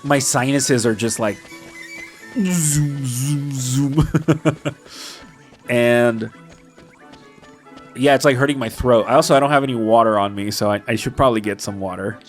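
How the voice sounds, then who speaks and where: A man's voice: mid-range voice, a little fast, soft background music. A man with a stuffy nose giving rambling, casual commentary while playing a video game. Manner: rambling and casual, many fillers. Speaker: gamer playing on stream. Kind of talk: let's play commentary.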